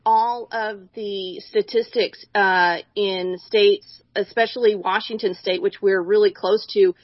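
A woman's voice: mid-range voice, fairly even intonation, unhurried, no room sound, highs cut off. A woman co-hosting a Bible discussion, speaking earnestly and emphatically, often restarting her sentences. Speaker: co-host.

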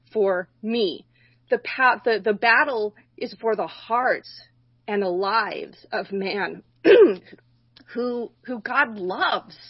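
A woman's voice: medium pitch, breathy edge, no room sound, highs cut off. A woman co-hosting a Bible discussion, speaking earnestly and emphatically, often restarting her sentences. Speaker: co-host.

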